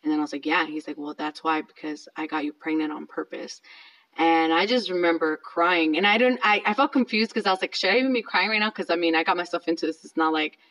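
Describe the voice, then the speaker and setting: A woman's voice: low voice, quick pace, a bit bright, poor audio. A woman in her thirties telling a personal story in a casual, chatty way, with lots of fillers. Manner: chatty, filler-heavy, self-conscious.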